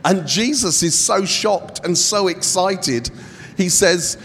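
A man's voice: sits high, takes it slowly, fairly bright tone, a little hiss or hum. A man giving a humorous guest sermon, telling stories and joking with his listeners. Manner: jokey storytelling, bantering with the audience. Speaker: guest preacher. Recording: long hall reverb.

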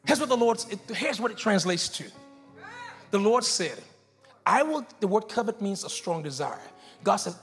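A man preaching a sermon as pastor, leading his congregation in call-and-response and rising into shouts. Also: very high-pitched, creaky. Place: church sanctuary before a congregation.

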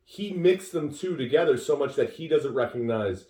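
A man's voice: a little high, lively intonation, normal speed, warm tone. Man ranting casually about films, roomy sound. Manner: rambling, swears a lot, fills with "like". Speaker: podcast co-host. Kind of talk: casual film discussion. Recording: roomy echo.

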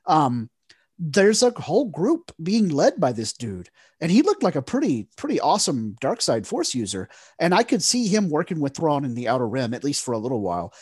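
A man co-hosting a podcast, talking in a rambling, animated way with many fillers. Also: on the high side, moderate pace, husky, dry recording, studio quality. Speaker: podcast co-host. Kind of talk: casual chat.

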